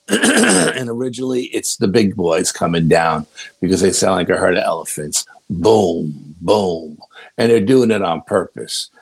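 Male podcast guest, low gravelly storyteller who keeps saying "you know". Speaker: guest investigator. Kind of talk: casual storytelling interview.

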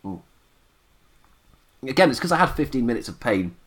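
A man's voice: medium pitch, very animated, moderate pace, fairly bright tone. A young man, his voice worn down and a little tired, recapping wrestling in a rambling, chuckling solo podcast chat full of fillers. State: voice worn down, sipping tea.

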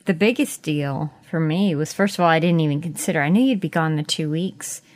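A woman in her thirties co-hosting a podcast in casual chat, teasing her husband and quick to laugh. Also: low voice. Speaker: podcast co-host.

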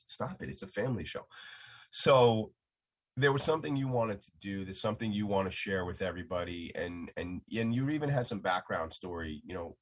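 A man hosting a radio talk show, his voice hoarse and raspy from being under the weather, chatting in a joking, self-mocking way. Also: low-pitched. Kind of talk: casual radio chat.

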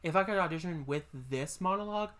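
A woman co-hosting a podcast, chatting casually and excitedly about a movie and acting out its lines. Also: on the low side, fast. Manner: excitable, gushing, acts out quoted movie lines. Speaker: podcast co-host.

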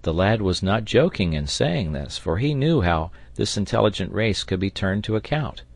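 A man narrating an audiobook in a steady, even storytelling manner on a close mic. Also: on the low side, moderate pace, gravelly, dry recording. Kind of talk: scripted narration.

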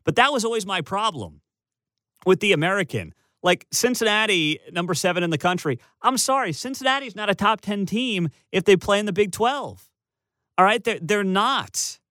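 Man, sports talk host, emphatic, sarcastic, bright forceful voice, dry close sound. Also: high voice, animated, normal speed, no room sound. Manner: emphatic and sarcastic, piles up rhetorical questions. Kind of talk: opinionated college football commentary.

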